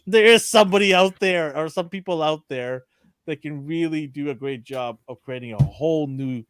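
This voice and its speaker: A man's voice: mid-range voice, no room sound, clean studio sound. Opinionated man ranting in casual chat. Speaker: podcast co-host.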